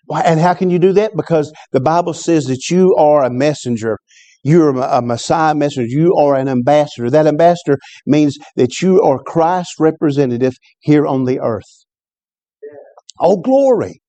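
A man preaching a sermon as a pastor, fervent and repetitive, often rising sharply in pitch when he stresses a point. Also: normal speed, warm tone, no echo. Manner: fervent, repeats words, rises in pitch on exclamations. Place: church service.

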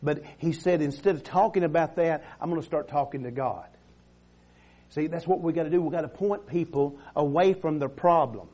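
A man's voice: fairly high pitch, moderate pace, mellow. A middle-aged male pastor preaching a sermon, calling for amens and repeating words as he builds his point. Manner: preaching with call-and-response, frequent amens and restarts.

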